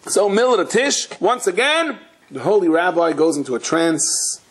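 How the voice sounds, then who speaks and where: Husky rabbi guy telling a story in a torah class, jumps into high voices for the characters. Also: moderate pace. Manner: animated storyteller, acts out characters with sudden high-pitched outbursts.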